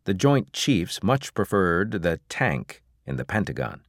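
Low-voiced man narrating an audiobook. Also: very animated, unhurried, no echo, studio quality. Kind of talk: scripted narration.

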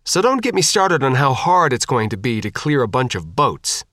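A man's voice: medium pitch, sing-song, normal speed, fairly bright tone, no echo, clean studio sound. A man reading an audiobook, voicing an angry, scornful teenage girl who fights zombies. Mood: defiant.

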